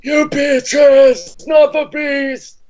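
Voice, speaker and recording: A man putting on a frantic, yelling impression of a film star, in a high, shrill voice. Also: little pitch movement, very slow, lo-fi sound, crowd noise, heavily acted. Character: manic shouting male film-star impression.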